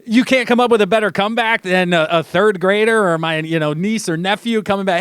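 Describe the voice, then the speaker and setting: Brief: young male sports radio host, high-pitched, animated, mocking, dry studio sound. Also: a little fast, clear, resonant tone, no echo. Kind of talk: casual sports talk monologue.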